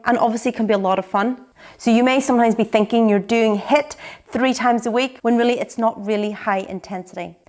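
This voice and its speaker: Young woman, fitness instructor, brisk upbeat explainer in a relaxed Q&A chat. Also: a little high. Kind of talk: casual Q&A chat to camera.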